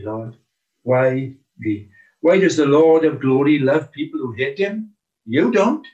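Guy preaching a sermon, earnest, pushes questions hard, sounds far off and muffled. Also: medium pitch. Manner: earnest, rising to emphatic questions.

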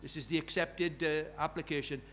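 A man's voice: fairly high pitch, fairly even intonation, normal speed, a bit bright. A man preaching a sermon in a conversational way, asking the congregation many questions and reciting scripture with rising force.

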